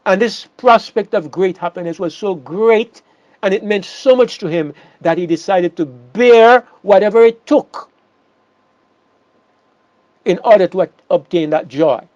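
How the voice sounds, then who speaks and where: A man delivers a sermon in a high voice, stressing key words and circling back over his phrases. The sound is dry and a little muffled. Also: a little slow, a little mellow, dry recording. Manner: emphatic, repeats words and restarts phrases. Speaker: preacher.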